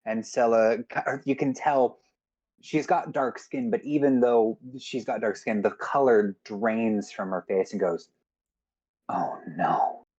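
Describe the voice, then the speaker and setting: Slow, hesitant male game master narrating a tabletop game; dull lo-fi stream audio. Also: medium pitch, steady tone, darkish tone, breathy edge. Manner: slow, hesitant with many fillers.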